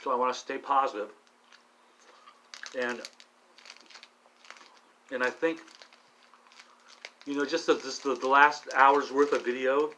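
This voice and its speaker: A middle-aged man vlogging alone while high, rambling with many restarts and frequent swearing. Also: pushed and bright, slight background noise, rough recording. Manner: meandering, profane, restless restarts. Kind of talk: rambling solo monologue.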